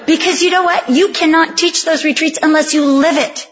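A high-pitched woman gives a funny sermon, telling animated stories against herself and slipping into the voices of the people in them. The recording sounds dull and lo-fi. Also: normal speed. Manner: animated, self-mocking, acts out quoted voices. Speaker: women's ministry speaker. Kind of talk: humorous sermon storytelling.

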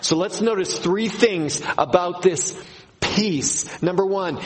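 A man preaching a sermon to his congregation, slow and emphatic, repeating key phrases. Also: a little high, slight background noise, low-quality recording. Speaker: pastor.

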